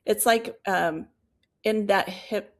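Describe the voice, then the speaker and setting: A woman co-hosting a podcast, telling a personal story in casual chat, animated and full of fillers and asides. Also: mid-range voice, takes it slowly. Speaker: podcast co-host.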